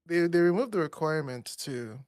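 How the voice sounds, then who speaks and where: A tired man chatting casually about a game, rambling with halting restarts. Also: fairly high pitch, expressive, a little mellow, dry recording, studio quality. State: exhausted. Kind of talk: casual chat.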